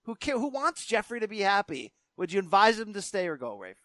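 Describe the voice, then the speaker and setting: A man's voice: high-pitched, a little fast, dry recording. A man hosting a podcast, casually putting questions to his co-host. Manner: relaxed, prompting questions. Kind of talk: casual chat.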